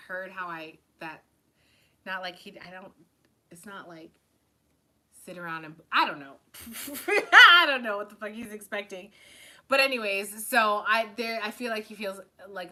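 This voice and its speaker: A woman's voice: medium pitch, moderate pace, pushed and bright. A woman tarot reader hosting a live stream, talking loosely and casually with lots of fillers, swearing and laughing often.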